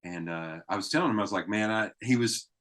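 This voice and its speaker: Low-voiced man with a Southern US accent. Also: quick pace, a bit bright. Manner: chatty storyteller who laughs easily. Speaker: podcast host. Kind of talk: casual conversation.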